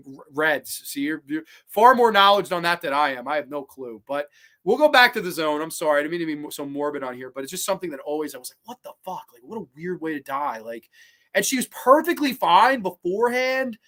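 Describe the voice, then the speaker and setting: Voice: medium pitch, bright, forceful tone. A podcast host giving a casual, rambling review. The host swears freely, thinks aloud with many fillers and sounds baffled and questioning.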